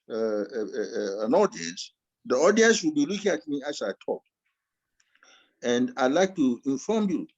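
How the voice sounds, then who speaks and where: A man giving a master class lecture over a video call, deliberately swinging his voice up and down and slowing down to stress his points. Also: medium pitch. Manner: animated, swings voice up and down for emphasis. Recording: muffled video call audio.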